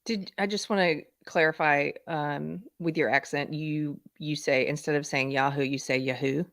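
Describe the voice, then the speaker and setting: Low-voiced chatty woman hosting a live show. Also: fairly even intonation, normal speed, a bit bright, no room sound, studio quality. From United States. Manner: chatty, laughs often, sly asides. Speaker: host. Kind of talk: live-stream talk show chat.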